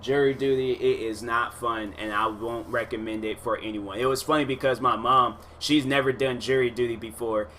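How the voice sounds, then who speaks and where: Bright-voiced man telling a story. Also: mid-range voice, moderate pace, hardly any pauses, slight background noise. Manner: animated, exasperated, acts out his own reactions. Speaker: podcast host. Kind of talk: casual storytelling monologue.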